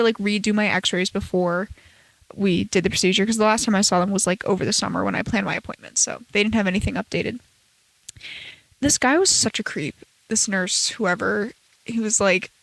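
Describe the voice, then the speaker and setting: A woman's voice: medium pitch, dry recording. A young American woman in her early twenties, hosting her own podcast, chatting in a rambling way with lots of fillers and playful acted-out quotes. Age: around 20. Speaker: podcast host, college student. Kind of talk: casual solo podcast chat. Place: bedroom at home.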